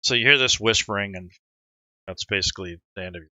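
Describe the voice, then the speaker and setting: A man acting as game master in an online tabletop game, narrating scenes in a relaxed, rambling way and talking players through the rules. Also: lowish voice, quick pace, dry recording, lo-fi sound.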